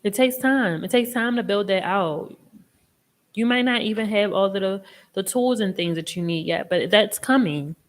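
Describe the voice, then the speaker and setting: A young woman hosting a casual live tarot reading, chatty and expressive, with a reassuring tone and casual swearing. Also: medium pitch, moderate pace. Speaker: tarot reader and live stream host.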